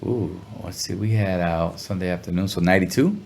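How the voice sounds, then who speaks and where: A man telling a story in a relaxed interview, talking in slang and sounding animated when he quotes people. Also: sits low, brisk, gravelly. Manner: laid-back, slangy, animated when quoting others. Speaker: guest musician.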